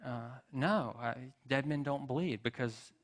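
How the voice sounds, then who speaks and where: A man voicing a gloomy male patient convinced he is dead, stubborn and quietly insistent. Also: mid-range voice, measured pace, lightly acted. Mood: reasoning.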